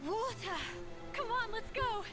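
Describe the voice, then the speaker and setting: A woman voicing a peppy, eager young woman in a video game, bubbly and excitable. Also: very high-pitched, unhurried. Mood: overjoyed. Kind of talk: game voice acting. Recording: game audio with loud music behind.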